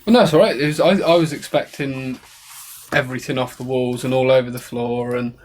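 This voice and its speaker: A man's voice: mid-range voice, steady tone, fairly quick, darkish tone, a little hiss or hum. A young man in his twenties from Oxfordshire with an English accent, chatting hesitantly with fillers on a livestream. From England, Oxfordshire. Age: 20s. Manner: hesitant, many short agreements and fillers. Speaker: shop helper. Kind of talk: casual livestream chat.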